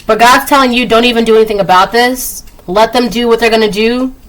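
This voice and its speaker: A woman doing a casual spoken tarot reading, chatty, laughing often and acting out quick quoted voices. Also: fairly high pitch, rough recording. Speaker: tarot reader.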